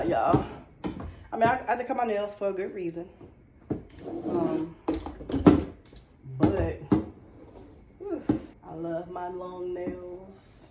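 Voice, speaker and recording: A woman's voice: fairly low pitch, reverberant, very noisy. A woman vlogger and mother, chatting casually and confidingly to her viewers while she cleans and cooks at home. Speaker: lifestyle vlogger, mother and wife. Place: home kitchen.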